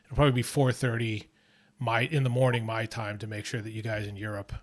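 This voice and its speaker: A man's voice: fairly low pitch, flat delivery, fast talker. Rambling male livestream host. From Australia. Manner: rambling, with many restarts and fillers. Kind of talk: casual livestream chat.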